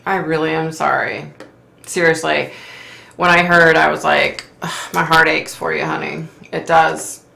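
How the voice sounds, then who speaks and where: A woman's voice: deep voice, little pitch movement, a little slow, vocal fry, bright, forceful tone, echoey room. A middle-aged woman hosting a psychic livestream, reading viewer comments aloud and answering with sympathy and frequent sighs. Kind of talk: casual live chat reading comments.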